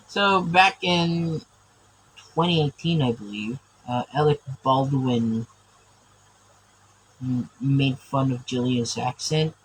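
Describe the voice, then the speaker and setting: Slow, rambling man chatting while drawing. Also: mid-range voice, a little hiss or hum, rough recording. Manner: rambling, stammering, laughs often. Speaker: artist drawing on camera. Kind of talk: casual chat while drawing.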